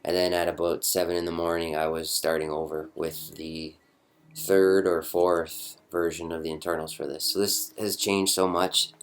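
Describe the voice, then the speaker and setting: Young male hobbyist, very low voice, casual rambling show-and-tell, corrects himself as he goes. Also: level tone, moderate pace. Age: young adult. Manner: rambling, chatty, self-correcting. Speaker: hobbyist prop builder.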